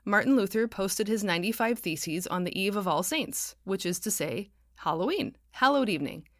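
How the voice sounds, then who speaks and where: Read by a woman, a calm male pastor speaks in an earnest, gentle storybook voice. His words are even and soft, recorded close and dry. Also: sits high, normal speed, dry recording. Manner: gentle, mirrors feelings back.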